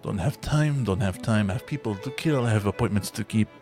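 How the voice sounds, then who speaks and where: A man's voice: lowish voice, fairly quick, natural voice. A man voicing a rude, foul-mouthed, middle-aged Frenchman, grumbling with contempt over a restaurant meal, with music behind. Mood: contemptuous. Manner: profane, grumbling, contemptuous muttering.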